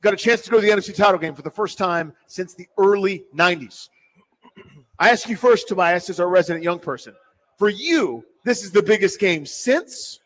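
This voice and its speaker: A man hosting sports talk radio, animated and jokey in casual talk. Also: high-pitched, a little fast, low-quality recording.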